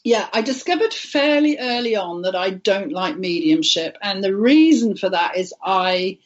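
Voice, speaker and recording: A woman's voice: mid-range voice, expressive, moderate pace, highs cut off. A woman speaking as a guest on an internet radio interview, telling her story in a heartfelt, earnest way. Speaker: guest, intuitive healer.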